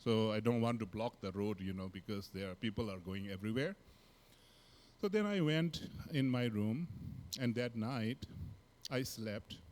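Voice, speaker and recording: A man with a Tibetan accent, a Buddhist teacher, telling a personal story in a relaxed, halting way with many fillers and soft laughs. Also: on the low side.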